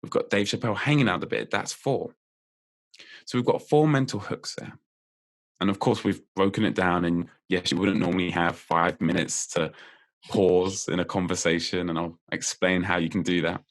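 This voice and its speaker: Male guest, memory coach, slightly low voice, upbeat and playful, laughs through his explanations. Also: normal speed. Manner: lively and playful, laughs often while explaining. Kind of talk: explaining memory techniques in casual chat.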